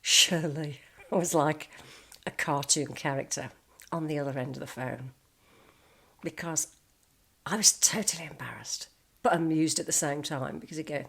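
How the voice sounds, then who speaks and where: A woman's voice: deep voice, normal speed, gravelly, pauses often, fairly bright tone, slightly rough. An older woman telling stories about her working life in a chatty monologue, acting out the people she quotes. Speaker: vlogger. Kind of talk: casual storytelling monologue.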